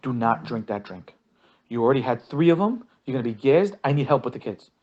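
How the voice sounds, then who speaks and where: A man playing a wife who scolds her husband, in a lower version of his own voice. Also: sing-song, a little fast, a little mellow, lo-fi sound, slight background noise, natural voice. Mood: stern. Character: scolding wife, adult woman, stern and worried.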